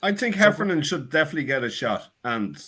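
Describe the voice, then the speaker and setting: A man's voice: on the high side, very animated, fast, pushed and bright, breathy edge. A man with an Irish accent, a panel guest who gives blunt, outspoken opinions in casual chat.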